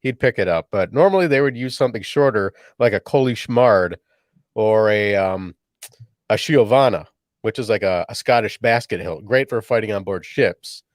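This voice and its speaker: A man's voice: fairly low pitch, normal speed, no room sound, studio quality. A man co-hosting a casual chat show, easygoing and laughing often. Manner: laughs often, drifts into goofy pirate voices. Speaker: podcast co-host.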